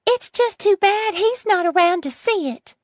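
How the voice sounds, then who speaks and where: A woman reading an audiobook, voicing a sugary-sweet but spiteful old woman in a high, honeyed voice that turns harsh. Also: expressive, a little slow, no echo, clean studio sound. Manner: syrupy sweet turning harsh and hissing.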